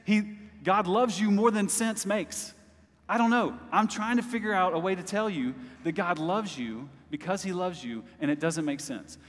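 A male pastor preaching a sermon to his congregation, speaking directly to them and rising to impassioned bursts. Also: fairly high pitch. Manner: talks directly to the congregation as "y'all". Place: church service. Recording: long hall reverb.

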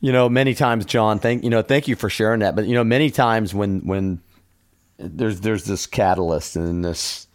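A low-voiced man hosting a podcast, talking in a loose, supportive way with plenty of "you know." His voice sounds close and dry. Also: fairly even intonation, normal speed, no echo. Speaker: podcast host. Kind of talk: podcast interview.

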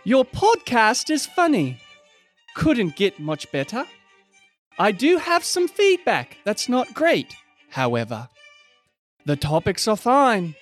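A man's voice: sits high, wildly swooping pitch, slow, long pauses, faint music behind, pitched above the performer's own voice, full character voice. A man putting on a British accent to read a listener's poem in an exaggerated proper manner. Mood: mock-proper. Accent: British, put on.

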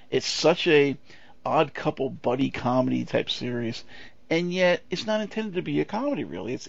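A middle-aged man co-hosting a podcast in casual chat, animated and full of anecdotes. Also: mid-range voice, creaky, no echo. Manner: animated, tells stories and slips into impressions. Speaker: podcast co-host. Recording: dull lo-fi audio.

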